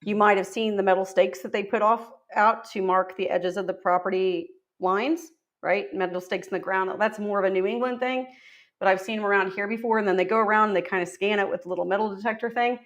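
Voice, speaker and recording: A woman's voice: medium pitch, steady tone, fairly quick. Woman co-host quizzing webinar students. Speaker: real estate exam co-instructor. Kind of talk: live webinar teaching.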